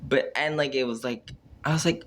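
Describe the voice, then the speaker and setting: A man's voice: mid-range voice, moderate pace, fairly bright tone, slight background noise. A man rambling through a casual monologue on camera, full of filler words, acting out his own reactions and trailing off mid-sentence. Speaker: vlogger.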